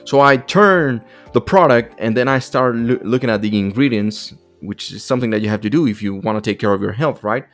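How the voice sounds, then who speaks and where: A man's voice: mid-range voice, a little fast, hardly any pauses, fairly bright tone. A man hosting a podcast alone, talking bluntly and emphatically in a casual monologue, full of profanity and repetition, with faint music behind him. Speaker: podcast host.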